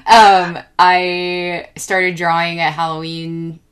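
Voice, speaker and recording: A woman with a fairly low voice chats on a podcast, rambling from one thought to the next. She gets excitable and fills her talk with ums and restarts. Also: takes it slowly, clean tone. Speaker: podcast co-host. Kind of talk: casual chat.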